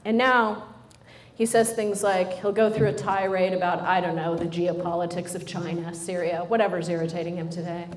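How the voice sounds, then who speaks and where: A middle-aged woman giving a humorous motivational talk to a live audience, animated and joking as she speaks straight to the listeners. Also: fairly low pitch, moderate pace. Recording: roomy hall sound with faint noise.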